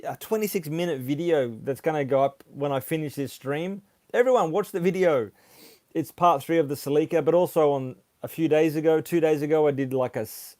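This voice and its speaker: A man hosting a casual livestream, chatting haltingly as he reads viewer comments aloud. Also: on the high side, a little mellow, no echo, clean studio sound. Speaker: livestream host. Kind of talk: casual live chat reading comments.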